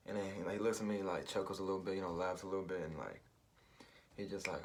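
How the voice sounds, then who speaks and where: A man's voice: low voice, fast. A man telling a personal story in a rambling, slangy way, full of fillers and asides. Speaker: vlogger.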